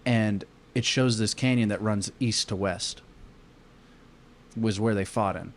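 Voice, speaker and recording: A man's voice: fairly low pitch, steady tone, unhurried. A man from Arizona telling a long story on a casual podcast, rambling with lots of fillers and swearing. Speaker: podcast co-host.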